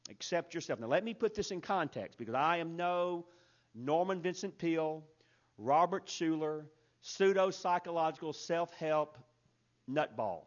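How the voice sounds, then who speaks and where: A man preaching a sermon in an earnest, emphatic way that builds to loud peaks. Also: fairly high pitch, lively intonation, a little slow. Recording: dull lo-fi recording.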